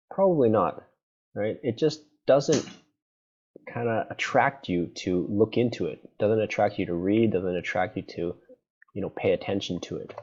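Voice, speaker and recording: A man's voice: fairly low pitch, warm tone, husky. A man lecturing on presentation design in a conversational, playfully sarcastic way, checking in with "right?" and "okay?" again and again. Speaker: university lecturer. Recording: dull lo-fi lecture recording.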